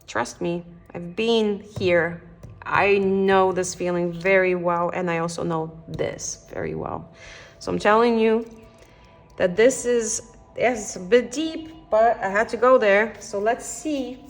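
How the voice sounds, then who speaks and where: Canadian girl doing a tarot reading, chatty and gentle, kinda rambling as she goes, mid-pitch voice. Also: takes it slowly, faint music behind. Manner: meandering, thinks aloud, restarts often; gentle and encouraging, speaks straight to the viewer. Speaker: tarot reader. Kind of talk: casual tarot reading monologue.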